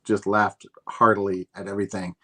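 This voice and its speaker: Low-voiced rambling male comedian. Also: level tone, brisk, crowd noise. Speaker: comedian host. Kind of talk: casual comedy chat.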